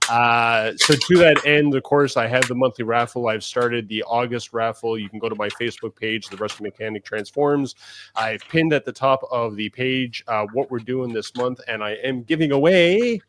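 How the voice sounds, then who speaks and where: A man co-hosting a casual podcast, running through listener shout-outs in a jokey, rambling manner. His voice sits at an ordinary middle pitch. Faint background noise and clicks run under the recording. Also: normal speed. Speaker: podcast co-host.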